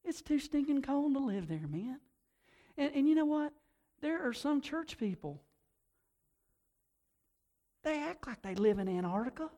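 A man preaching a sermon to a congregation, animated, often repeating words and swinging between soft and loud delivery. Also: very high voice, a little slow, long pauses. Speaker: pastor.

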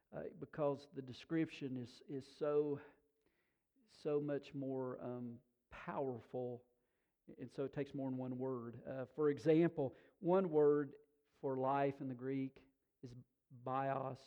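Folksy preacher man, slightly high voice. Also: dull audio. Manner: folksy, animated storytelling with frequent restarts. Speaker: pastor. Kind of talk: sermon.

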